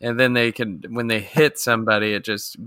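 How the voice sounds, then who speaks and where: Guy with a bright clear voice, dry jokes, super dry close sound. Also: medium pitch, steady tone, fairly quick, no echo. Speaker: podcast co-host. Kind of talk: casual chat about a film.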